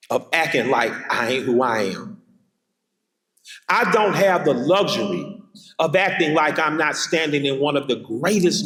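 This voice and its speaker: A man's voice: on the high side, fairly bright tone. Middle-aged Atlanta-accented man, keynote speaker, raised voice, storyteller's rhythm, heard in a reverberant hall. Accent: Southern US, Atlanta. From Atlanta, Georgia. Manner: emphatic, rhythmic repetition, vivid storytelling. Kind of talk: keynote speech with personal storytelling. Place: large hall at a college. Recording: echoey hall with long reverb.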